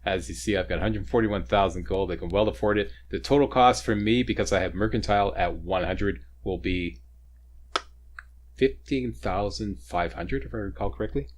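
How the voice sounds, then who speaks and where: Deep-voiced man narrating a game. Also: moderate pace. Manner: chatty, joking, informative. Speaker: game walkthrough host. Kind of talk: video game commentary. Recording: faint ambient noise, sirens nearby.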